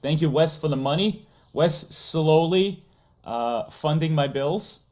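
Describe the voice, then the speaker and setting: A woman's voice: deep voice, expressive, slow pace, darkish tone. A woman from Massachusetts with a New England accent, hosting a live stream in casual, playful chat and reading out donations. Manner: chatty, playful, interrupts to read donations. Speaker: streamer host.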